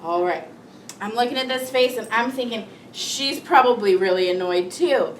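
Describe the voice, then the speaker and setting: A woman teaching first grade, reading a big book aloud to her class in an expressive, sing-song voice. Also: on the high side, normal speed, slight background noise. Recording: echoey classroom, mic far off, children around.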